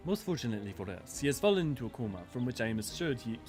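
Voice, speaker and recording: A man's voice: mid-range voice, big pitch swings, racing, a little mellow, faint music behind, lightly acted. A man voicing a pompous, scheming male villain dealer in a game, reading the lines in a stiff, unctuous way. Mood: smug. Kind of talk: reading game dialogue aloud.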